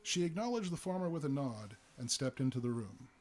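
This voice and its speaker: A man of middle pitch reading a humorous story aloud live. He narrates deliberately, with a few small fillers and restarts along the way. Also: big pitch swings, darkish tone. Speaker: reader.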